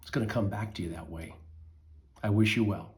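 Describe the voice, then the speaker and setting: Earnest man telling a fable. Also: fairly low pitch. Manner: earnest, emphatic, with dramatic pauses. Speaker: motivational speaker for parents. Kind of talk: storytelling and parenting advice.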